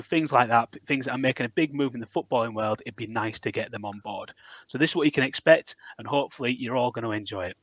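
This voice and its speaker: A man's voice: mid-range voice, fairly bright tone, dry recording, dull audio. A man with a Hull accent hosting a casual podcast, chatty and laddish. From Hull, England. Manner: chatty, swearing, laughing with guests. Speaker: podcast host.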